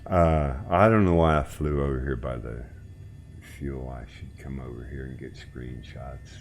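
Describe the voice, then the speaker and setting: Very deep gravelly man, rambling chat. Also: unhurried, a little hiss or hum. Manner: relaxed, rambling, trailing off quietly. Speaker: flight sim group host. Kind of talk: casual chat while flying.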